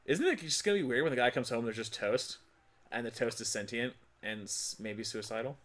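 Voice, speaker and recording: Man playing a game, swearing and yelling. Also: medium pitch, fairly quick. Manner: swears a lot, laughs often, shouts when frustrated. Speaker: gaming channel host. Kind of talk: casual let's-play commentary.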